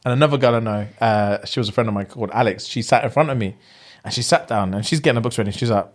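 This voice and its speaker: A young man, co-hosting a podcast in casual chat, telling a story with lively acted-out voices and frequent laughter. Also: mid-range voice, rapid-fire. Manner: animated storyteller acting out voices, laughing often. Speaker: podcast co-host.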